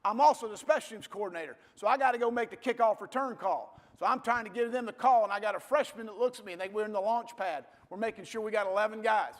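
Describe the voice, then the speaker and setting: A man's voice: high voice, quick pace, hardly any pauses. A man, a football coach giving a blunt, folksy motivational speech to an audience. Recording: reverberant hall.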